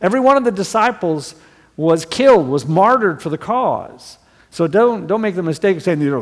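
A man delivers a sermon in an earnest, fairly high voice, pressing hard on key words. His voice carries a long reverb, as if heard in a large hall. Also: animated, normal speed. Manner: earnest, rising to emphatic stresses. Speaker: preacher.

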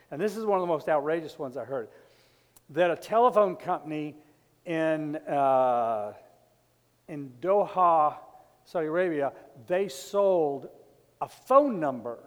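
A man preaching in a loose, conversational way, drifting through asides and starting sentences over. His voice sits a little high for a man. It rings out with a long hall reverb around it. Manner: conversational, rambling with asides and restarts. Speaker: pastor. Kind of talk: sermon.

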